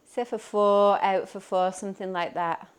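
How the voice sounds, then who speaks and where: Yoga teacher, woman, smooth clear voice, calm upbeat pose-and-breath cues. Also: mid-range voice, normal speed. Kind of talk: guided yoga class instruction.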